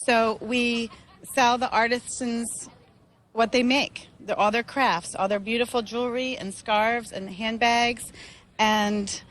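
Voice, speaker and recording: A woman selling fair-trade goods at a market, giving a friendly, persuasive pitch to a reporter. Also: fairly even intonation, takes it slowly, a bit bright. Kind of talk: upbeat sales pitch. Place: outdoor market.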